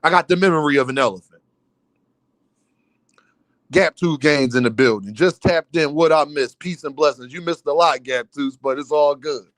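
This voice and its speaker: A man's voice: fairly high pitch, normal speed, long pauses, a bit bright, no echo, clean studio sound. A man hosting a boxing live stream, ranting heatedly to his chat in slangy, insistent talk.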